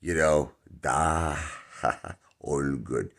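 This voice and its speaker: Gravelly, very deep-voiced man telling a story. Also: normal speed. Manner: rambling, full of fillers, acts out the quotes. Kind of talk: comic anecdote.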